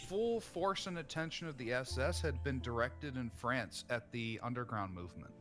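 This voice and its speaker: A man's voice: mid-range voice, animated, moderate pace, over music. A man co-hosting a podcast in casual chat, wry and talkative about history. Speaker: podcast co-host.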